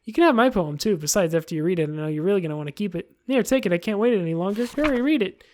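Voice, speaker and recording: A woman's voice: medium pitch, lively intonation, rapid-fire, a little mellow, natural voice. Woman putting on obsessive shy teen Yuri. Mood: eager. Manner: breathless, unsettling adoration.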